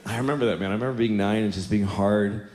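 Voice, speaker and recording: A man in his forties doing a stand-up comedy set on a theater stage, telling blunt, exaggerated stories in an animated way. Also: fairly low pitch, fast talker. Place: theater stage before a live audience. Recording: roomy hall with audience noise.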